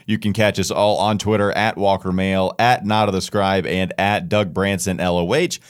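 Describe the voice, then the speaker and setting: A man's voice: low-pitched, moderate pace, smooth, dry recording, clean studio sound. A man hosting a casual sports podcast, talking with energy as he runs through player minutes. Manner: energetic, stat-listing. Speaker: podcast host.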